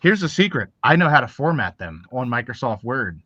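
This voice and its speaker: Chatty, bright-toned man, lo-fi call. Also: mid-range voice, big pitch swings, a little fast, no echo. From Baltimore, Maryland. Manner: chatty, joking, rambling. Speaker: author co-guest. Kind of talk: casual chat. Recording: dull lo-fi sound.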